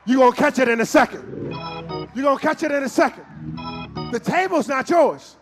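A man with a very high voice preaches in a church, half-singing his lines in call-and-response. He climbs to ringing shouts, then sinks to near-whispers. Soft music plays faintly behind him. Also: animated, normal speed. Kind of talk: sermon. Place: church sanctuary with congregation.

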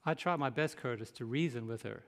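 A man's voice: medium pitch, fairly quick, fairly bright tone, long reverb tail. A male pastor preaching a sermon, emphatic and asking the congregation rhetorical questions.

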